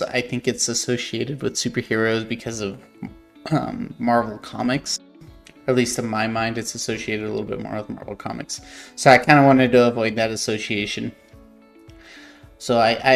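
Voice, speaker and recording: A man's voice: mid-range voice, creaky. A man, an author, reading passages from his own novel aloud and explaining his edits in a thoughtful, hesitant way, often correcting himself.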